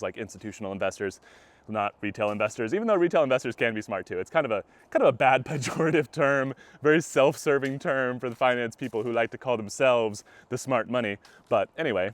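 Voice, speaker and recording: A man's voice: medium pitch, no echo. A young man talking casually about markets while out on a walk, a little out of breath and laughing often mid-sentence. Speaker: vlogger. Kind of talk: walking-and-talking vlog commentary. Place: outdoors on a walk.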